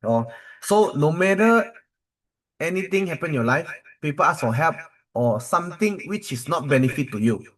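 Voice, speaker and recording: A man's voice: fairly high pitch, lively intonation, moderate pace, a bit bright, rough recording. A man with a Malaysian English accent, a corporate trainer telling motivational stories and quizzing his audience, with many fillers.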